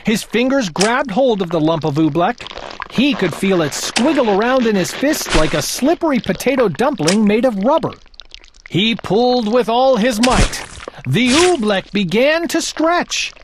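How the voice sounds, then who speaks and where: Lively woman reading a storybook. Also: fairly high pitch, measured pace, noisy background. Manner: expressive, voices the characters. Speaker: narrator. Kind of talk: storybook read-aloud narration.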